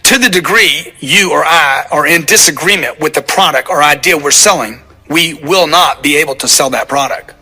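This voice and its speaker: A man narrates his own motivational audiobook with a hard, intense drive and a husky, slightly rough grain. He talks in short, punchy bursts and hammers his points home by repeating them. His voice sits a touch high for a man. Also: moderate pace, hardly any pauses, sharp tone, faint music behind. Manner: emphatic, punchy, repeats key points for force. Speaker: author narrating his sales book.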